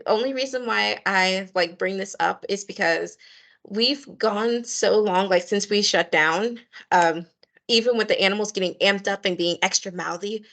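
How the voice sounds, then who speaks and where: A woman runs a volunteer briefing over a video call in a friendly, chatty way. Her voice carries a gravelly edge, and she leans on fillers and says her requests twice. Her pitch sits in an ordinary middle range. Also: a bit bright. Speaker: volunteer coordinator. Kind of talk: online meeting briefing.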